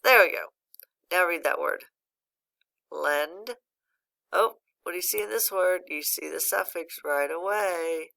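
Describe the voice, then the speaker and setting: A woman's voice: fairly low pitch, measured pace, vocal fry, long pauses, sharp tone. A patient woman teaching a phonics lesson to a young child, praising often and guiding each word step by step. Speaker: reading teacher.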